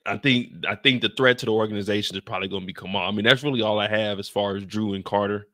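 A man's voice: lowish voice, steady tone, quick pace, bright, forceful tone. A man doing casual, slangy commentary on a TV show, joking around and laughing often. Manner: loose and laughing, slangy, trails off into sighs. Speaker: YouTuber breaking down a TV show.

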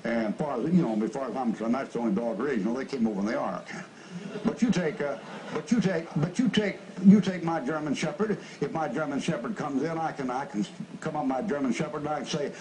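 A man preaching a fiery pulpit sermon, yelling and growling at his listeners in a blunt, mocking way. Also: medium pitch, fast, noisy background.

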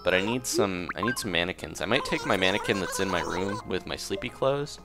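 A man giving relaxed, rambling commentary while playing a cozy video game, often restarting his sentences. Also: deep voice, fairly quick. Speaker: gameplay commentator. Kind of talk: casual let's-play commentary. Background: game music.

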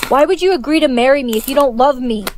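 High computer lady voice reading out a story, all the parts in one tone, noisy background hiss. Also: fast talker. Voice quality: synthetic, evenly paced computer voice. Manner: reads every character's lines in the same voice. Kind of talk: text-to-speech story narration.

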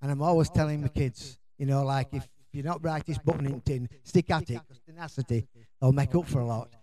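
A man's voice: mid-range voice, steady tone, a little fast, warm tone. A middle-aged Yorkshire man gives a conference talk in a chatty, informal way. He rambles, restarts his sentences and fills gaps with ums and uhs. His Yorkshire accent is plain throughout. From Yorkshire, England. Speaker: conference speaker.

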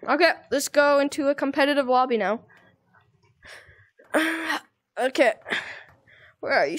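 A woman hosting a gaming video, giving excitable gameplay commentary and often squealing, laughing and shouting playfully. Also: high voice. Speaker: gaming channel host.

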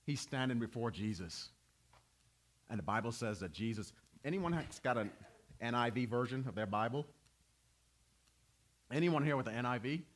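A male pastor preaching a sermon to his congregation, swinging between loud, emphatic preaching and quiet, low asides. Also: animated, normal speed, long pauses. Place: church.

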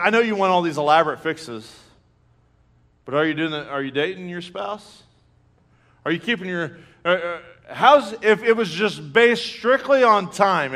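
A man, preaching a sermon with lively storytelling and acted-out reactions. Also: high voice. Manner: storytelling, animated, acts out his own reactions; laughs through jokes. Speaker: pastor.

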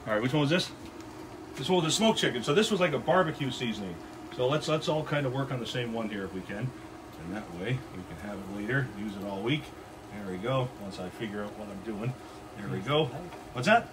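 A man's voice: medium pitch, expressive, a little fast, background noise. A man hosting a casual cooking livestream from his backyard, upbeat and jokey, chatting with viewers as he cooks. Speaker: grill show host. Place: backyard grilling area, outdoors.

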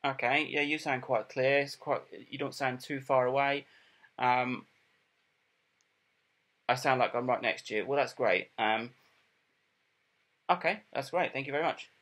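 A middle-aged man talks through a product review in a casual, matter-of-fact way. He hesitates often, filling gaps with ums and repeating words as he goes. His voice sits at an ordinary middle pitch. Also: fairly bright tone. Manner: plain, unhurried and matter-of-fact.

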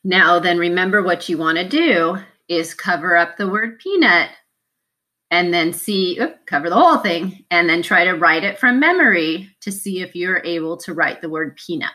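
A woman teacher giving a spelling lesson to young students, slow and patient, sounding out each syllable and letter. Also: on the low side, pushed and bright.

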